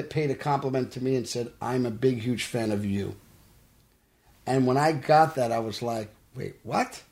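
A man tells his story in earnest, at an ordinary middle pitch. He slips into the voices of the people he quotes, as a guest in a studio interview. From Brooklyn, New York. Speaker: actor guest. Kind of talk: casual podcast interview.

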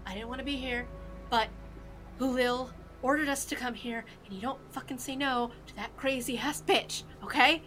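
A woman's voice: on the high side, normal speed, pushed and bright, soft background music, poor audio. A woman voicing a frantic young male elf thief who babbles and swears, pleading that it was not his idea. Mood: panicky.

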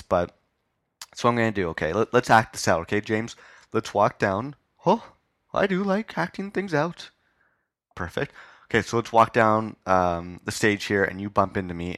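A man's voice: lowish voice, a bit bright, dry recording. Rambling self-mocking male podcast host. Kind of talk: casual live interview. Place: live stage before an audience.

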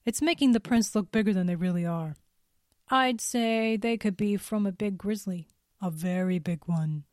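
A woman's voice: mid-range voice, moderate pace, darkish tone, dry recording, clean studio sound, close to an everyday voice. A woman voicing a tall, easygoing male ranger who talks in a casual, folksy way.

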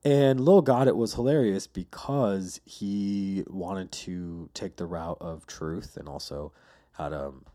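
Male podcast host, loose profane storyteller, low-ish warm tone. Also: takes it slowly. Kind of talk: casual solo podcast monologue.

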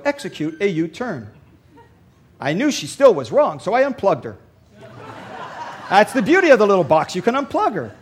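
A male pastor preaching a sermon, telling a story and dropping to a soft voice for emphasis. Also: high-pitched. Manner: storytelling, varies loudness for emphasis.

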